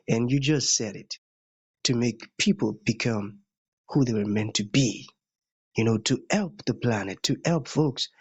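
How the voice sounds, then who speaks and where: A man's voice: mid-range voice, slightly rough, dull audio. A man hosting an interview podcast, effusive and full of praise for his guest. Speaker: podcast host. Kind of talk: interview host questions.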